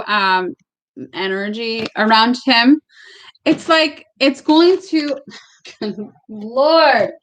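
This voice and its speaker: A woman's voice: high-pitched, a bit bright. Chatty woman giving a live tarot reading. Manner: casual, chatty, emotional, swears. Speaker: tarot reader. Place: home with barking dogs.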